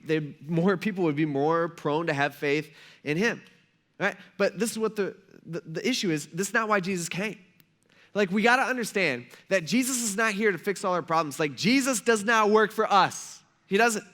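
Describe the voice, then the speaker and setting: Male pastor with a high voice; loose, conversational preaching style with animated retellings. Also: fairly quick. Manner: conversational, slangy, acts out quoted voices. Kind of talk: casual sermon. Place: church.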